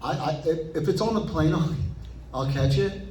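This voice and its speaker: A man being interviewed as an actor guest, telling stories animatedly and acting out his own past thoughts in quick asides. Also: fairly high pitch, darkish tone, slight background noise. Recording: roomy echo, picked up from a distance.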